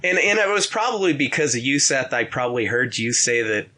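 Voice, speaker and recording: A young man, a podcast guest who used to fight, telling stories in a halting, rambling way with frequent laughs. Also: medium pitch, very animated, bright, forceful tone. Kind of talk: casual chat.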